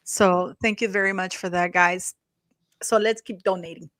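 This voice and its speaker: A woman's voice: fairly low pitch, fairly even intonation, normal speed, a bit bright, dry recording. A woman co-hosting a live stream in casual chat. She thanks viewers often and laughs easily.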